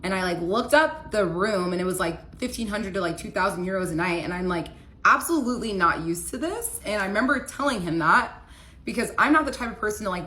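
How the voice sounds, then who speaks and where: A woman's voice: medium pitch, animated, fast talker, pushed and bright. A young woman casually telling a personal story, peppering her speech with "like" as she talks. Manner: casual, heavy use of "like" fillers.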